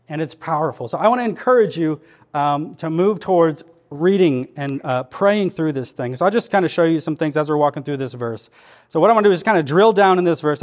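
A pastor speaking to his congregation in an earnest, conversational way, often turning to questions. His voice sits somewhat high for a man. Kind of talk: sermon. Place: church.

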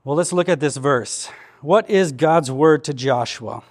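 Man preaching, somewhat high voice, earnest and conversational, pastor addressing a congregation. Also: measured pace. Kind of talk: sermon. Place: church.

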